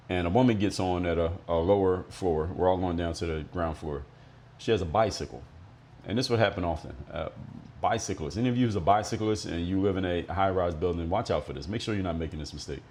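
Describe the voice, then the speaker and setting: Fast-talking deep-voiced man, blunt. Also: darkish tone. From Miami, United States. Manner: blunt, profane, explanatory. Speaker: podcast host. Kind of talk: monologue storytelling.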